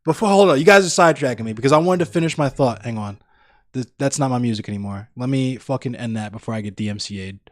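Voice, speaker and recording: A man's voice: medium pitch, fast, no room sound, studio quality. A young American man chatting casually with live-stream viewers in a blunt, rambling, heavily profane way. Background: faint music.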